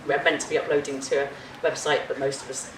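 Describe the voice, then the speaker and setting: A woman's voice: a bass voice, level tone, fast, over a noisy crowd. A woman chairing a conference panel, chatty, with many ums and laughs. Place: conference room. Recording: echoey hall, distant mic.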